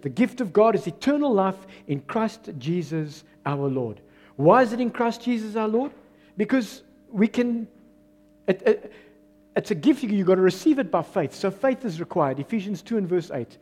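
South African male pastor, high voice, dynamic sermon delivery with Afrikaans asides. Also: normal speed. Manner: switches into Afrikaans, lively preaching with loud rises and quiet drops.

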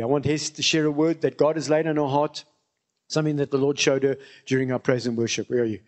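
A man's voice: mid-range voice, fairly even intonation, fast. A man preaching a sermon, emphatic and repeating phrases for stress.

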